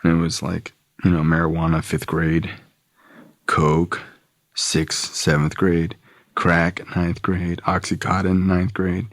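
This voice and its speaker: A man's voice: sits low, completely flat delivery, slow, no room sound, studio quality. A young man, a podcast guest, telling his recovery story casually and profanely, with lots of "like.".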